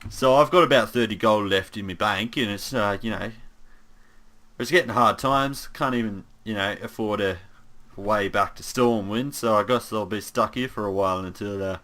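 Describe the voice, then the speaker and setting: A man's voice: fairly low pitch, normal speed, fairly bright tone, close to an everyday voice. A man voicing a bumbling, easygoing young human paladin in an in-character monologue, rambling with lots of fillers and asides.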